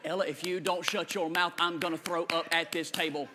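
A male preacher giving a sermon, swinging between loud shouted lines and quiet low asides. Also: flat delivery, fairly quick, some chatter behind, a little hiss or hum. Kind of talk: energetic sermon.

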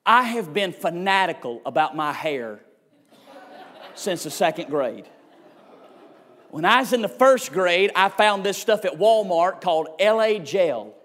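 A man's voice: high voice, fairly bright tone. A man, preaching a sermon in a folksy, emphatic storytelling way with comic exaggeration. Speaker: revival preacher.

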